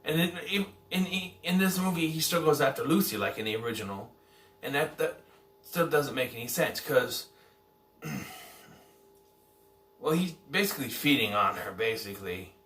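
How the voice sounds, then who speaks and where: A man's voice: medium pitch, animated, moderate pace, pauses often, fairly bright tone. Rambling man reviewing a film in an echoey room. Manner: rambling, self-correcting, unsure of details. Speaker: movie reviewer. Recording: echoey room, somewhat far from mic.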